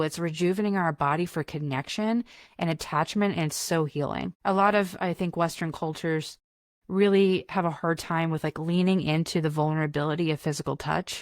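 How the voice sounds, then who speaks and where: A woman with a fairly low voice leads a guided meditation and gentle affirmations as a therapist and podcast host. She speaks slowly and reassuringly and repeats her phrases. The sound is close and dry, with no room echo. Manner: slow, gentle, reassuring repetition.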